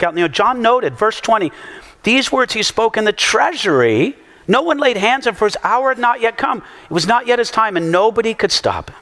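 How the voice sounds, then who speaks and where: A man preaching a sermon as pastor, an animated storyteller who acts out the quotes he tells. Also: high voice. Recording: long hall reverb.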